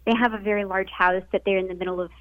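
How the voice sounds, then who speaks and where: Female caller, 30s, halting and filler-heavy, heard through a thin phone line. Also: mid-range voice, fairly even intonation, no room sound. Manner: hesitant, many fillers. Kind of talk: call-in conversation. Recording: dry tinny phone line.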